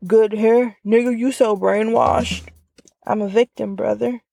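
A woman's voice: fairly high pitch, fairly even intonation, unhurried, vocal fry, warm tone, no echo. A woman doing a casual guy-voice impression of two grown men bantering, recorded in a car. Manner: mock-macho guy voice impression. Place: inside a parked car.

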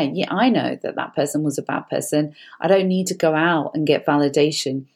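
A woman's voice: on the low side, a little mellow. A woman speaking as a guest expert, giving earnest, explanatory advice and often repeating herself. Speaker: guest psychologist. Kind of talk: conversational advice talk.

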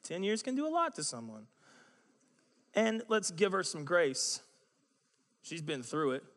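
A man with a slightly high voice gives a lively sermon, talking to the listeners as if chatting with them and dropping in jokes. His voice rings out with a long reverb in a large hall. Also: a little slow. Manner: conversational, joking asides, animated. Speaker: preacher.

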